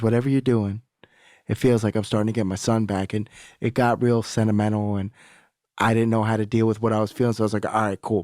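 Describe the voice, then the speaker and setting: A man's voice: lowish voice, a little mellow, no room sound, studio quality. A young adult man, a podcast guest, telling a candid personal story in casual talk, swearing freely and acting out the voices of people he quotes.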